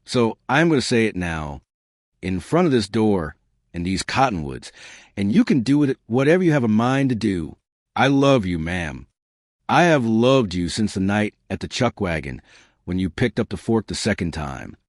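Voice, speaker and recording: A man voicing a quiet, earnest male cowboy with a rough voice, speaking slowly and plainly. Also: lowish voice, big pitch swings, dry recording, studio quality.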